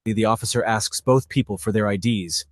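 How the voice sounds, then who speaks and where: Low, dry-voiced male narrator. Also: moderate pace, no echo. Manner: even, matter-of-fact delivery. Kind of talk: scripted documentary narration.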